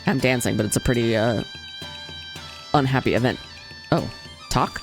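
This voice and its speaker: A playful streamer talks through a horror game in a mid-pitched voice, reading the on-screen text aloud. The banter is jokey and bursts into loud shouting now and then. Faint game music plays underneath. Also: normal speed, creaky, long pauses.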